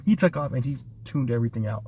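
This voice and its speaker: A man's voice: mid-range voice, lively intonation, fast, darkish tone, a little hiss or hum. A man hosting a casual sports chat, laughing often and talking with enthusiasm. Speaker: sports podcast host.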